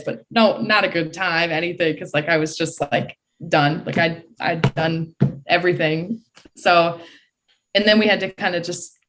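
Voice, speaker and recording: A woman in her early twenties from Michigan, a guest excitedly retelling a race in a casual voice full of "like" fillers. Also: fairly low pitch. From Michigan, USA. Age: early 20s. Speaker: podcast guest, college swimmer. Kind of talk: casual storytelling.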